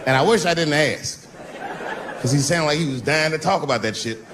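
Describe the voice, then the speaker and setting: A man's voice: fairly high pitch, brisk, crowd noise, background noise. A man doing stand-up comedy on stage, telling a long profane story and jumping between voices. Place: stage before a live audience.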